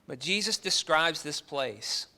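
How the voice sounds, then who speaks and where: A man's voice: a little high, animated, measured pace, gravelly, sharp tone. A man preaching a sermon to his congregation, earnest and full of rhetorical questions.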